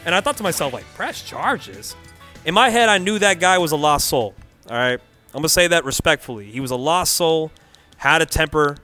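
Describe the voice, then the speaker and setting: Animated slangy young male commentator. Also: fairly high pitch, a little fast. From California Bay Area. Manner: animated, slangy, laughing storyteller. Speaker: tournament commentator. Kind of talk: casual storytelling commentary. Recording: faint music behind.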